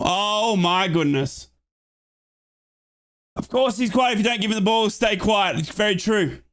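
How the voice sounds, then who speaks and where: A young Australian man giving excited fan play-by-play on a football match and chatting with viewers from his home office. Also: high voice. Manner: excitable, shouts at chances, chats with viewers. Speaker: watchalong streamer.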